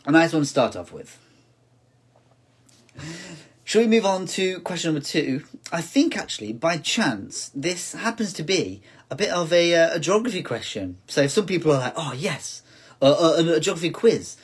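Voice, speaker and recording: A man with a somewhat husky, breathy voice hosts a relaxed home quiz stream. He talks in a chatty, easygoing way and reads every question out more than once. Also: fairly high pitch, normal speed. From United Kingdom. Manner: chatty, repeats each question several times, laughs at himself. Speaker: quiz host. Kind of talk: casual live-stream quiz hosting.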